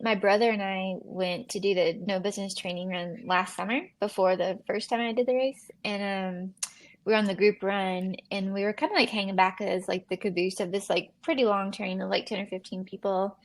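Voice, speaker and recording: A woman's voice: medium pitch, dry recording. A young adult woman, a podcast guest who chats casually and laughs often while telling her stories.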